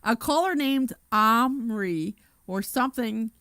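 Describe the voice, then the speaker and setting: A woman's voice: a little high, takes it slowly, a bit bright, no echo. A woman co-hosting a radio money show, chatty and storytelling, laughing often. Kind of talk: casual radio banter.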